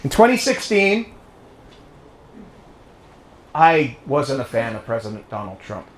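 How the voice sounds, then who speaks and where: In an echoey room of a private home, an English-born guest speaker addresses a live club audience on politics. His British-accented voice is medium in pitch, very animated and unhurried, and he tells stories, rallies the crowd and quizzes them.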